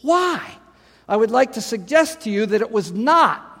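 A man preaching a sermon, dramatic, rising to loud emphatic lines when he quotes scripture. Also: very high-pitched, sing-song, moderate pace, breathy edge. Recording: long hall reverb.

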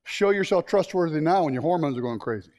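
A man with a high, light voice delivers a sermon to a congregation. He jokes and teases, breaks into sudden shouts, then drops to quiet, urgent asides. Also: fast talker. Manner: animated and joking, with sudden shouts and hushed asides. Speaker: preacher.

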